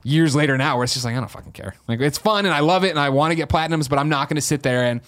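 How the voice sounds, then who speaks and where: A man's voice: on the high side, racing. A man co-hosting a gaming podcast in casual, rambling chat, swearing freely. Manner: rambling, profane, animated. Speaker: podcast co-host.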